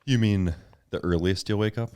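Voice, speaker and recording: A man's voice: fairly low pitch, normal speed, warm tone, smooth, no room sound. A young man from Wisconsin co-hosting a podcast, chatting casually and joking, saying "dude" a lot. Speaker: podcast co-host. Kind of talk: casual chat.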